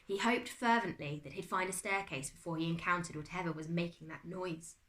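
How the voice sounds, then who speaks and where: A British woman teacher reading a chapter book aloud to her class, expressive and dramatic. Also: on the low side, a little fast. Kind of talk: storybook read-aloud. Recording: echoey room.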